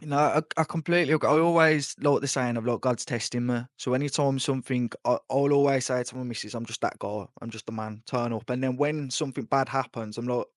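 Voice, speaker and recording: A man hosting a podcast, relaxed and emphatic as he shares views and asks questions. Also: mid-range voice, no room sound, clean studio sound. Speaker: podcast host. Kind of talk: casual podcast interview.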